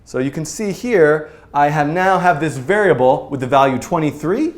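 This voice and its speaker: A man's voice: fairly high pitch, normal speed. A man teaching programming at a whiteboard in a casual, playful, self-mocking way, thinking aloud as he explains. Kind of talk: informal coding lesson at a whiteboard. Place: studio room with whiteboard. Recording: roomy echo.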